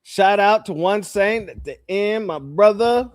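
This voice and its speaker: High-voiced man hosting a reaction stream. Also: measured pace, no room sound, clean studio sound. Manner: joking, mocking, gives shout-outs. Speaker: live-stream host reacting to clips. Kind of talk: casual reaction commentary.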